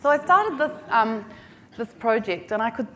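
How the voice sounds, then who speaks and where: A woman's voice: on the high side, lively intonation, moderate pace, a bit bright, a little hiss or hum. A middle-aged woman with a New Zealand accent telling a business story at a conference in a chatty, self-deprecating, humorous way. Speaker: conference speaker.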